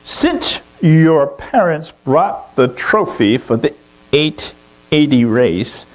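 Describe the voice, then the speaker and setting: A man's voice: a little high, very animated, takes it slowly, soft background music, low-quality recording. A man putting on a prim English schoolmaster. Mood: formal. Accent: put-on English. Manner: formal, proper. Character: stiff English male school professor.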